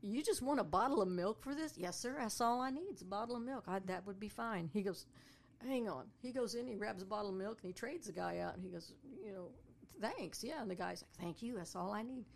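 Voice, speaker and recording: A woman's voice: mid-range voice, fairly quick, creaky, slight background noise. A woman telling a story casually, a tour guide who acts out the voices of the people in it. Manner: animated, acts out voices of people in her stories.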